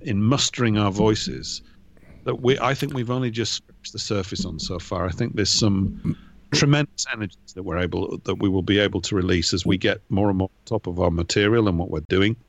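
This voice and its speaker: A man talking as a regular guest on a radio show in a casual, fast, rambling way, calling in over a remote line. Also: on the low side. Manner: fast, rambling, animated talker. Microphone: remote call line.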